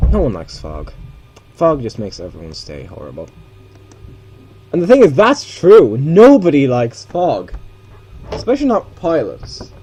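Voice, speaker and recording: With slight background noise, a man's mid-range, dark-toned voice offers casual commentary while playing a flight simulator. He rambles, drifting into chatty asides and correcting himself.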